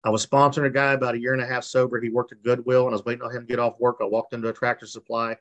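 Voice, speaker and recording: Racing through his words in a medium-pitched, level voice with a bit of brightness, a middle-aged man recounts his recovery. It's an emotional, earnest testimony at a recovery meeting, given over a video call, and he repeats himself as he tells it.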